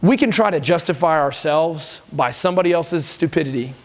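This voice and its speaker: A man preaching at a camp, with a fairly high voice. He tells his stories with energy and acts out the people in them. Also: a little fast. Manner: lively storytelling, acts out quoted voices. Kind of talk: sermon at a camp.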